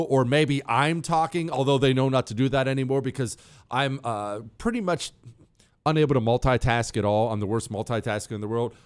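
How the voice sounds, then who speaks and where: A man hosting a talk radio show, joking about himself in an animated, self-mocking way. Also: medium pitch. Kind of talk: casual talk radio monologue. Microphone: studio headphones.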